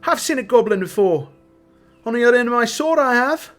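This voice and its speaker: A woman's voice: fairly high pitch, expressive, brisk, faint music behind, pitched above the performer's own voice, lightly acted. A man game master voicing a stocky, brash female sailor who sneers and threatens. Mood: threatening. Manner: scornful, swaggering threats.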